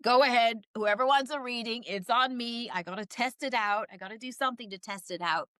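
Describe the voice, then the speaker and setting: A woman guest, a psychic medium, telling stories in a casual interview and acting out quoted voices with quick laughs. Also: fairly high pitch, sharp tone, no echo.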